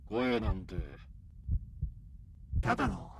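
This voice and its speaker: A man's voice: mid-range voice, huge pitch swings, unhurried, a little hiss or hum, exaggerated voice. An actor playing a sinister male game villain in a wheelchair, with a distorted voice that sounds friendly yet menacing. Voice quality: gravelly, shifting, distorted. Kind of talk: game voice acting.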